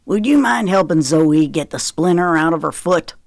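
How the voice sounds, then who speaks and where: A woman's voice: low voice, animated, normal speed, no echo, clean studio sound. A woman doing a drawling older Southern dad. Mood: easygoing. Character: older male Southern rancher dad, easygoing.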